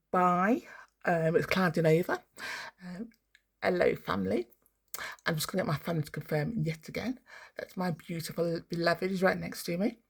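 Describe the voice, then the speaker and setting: A woman's voice: fairly low pitch, creaky, breathy edge. A woman, ranting and swearing heavily in an angry, rambling monologue outdoors. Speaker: spiritual vlogger.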